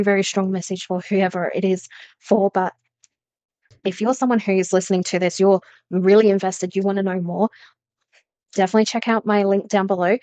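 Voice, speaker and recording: A woman reads tarot messages for her viewers in an earnest, emphatic way, often circling back to repeat a phrase. Her voice sits at a middle pitch. The sound is dry and close, with no room echo. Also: darkish tone. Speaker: tarot reader. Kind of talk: spiritual reading to camera.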